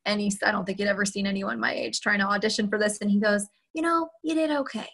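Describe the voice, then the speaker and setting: A woman's voice: mid-range voice, monotone, vocal fry, fairly bright tone. A woman in her thirties, a guest telling a candid personal story in a chatty way, full of "like" and "you know". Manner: chatty, frequent "like" and "you know", quick asides.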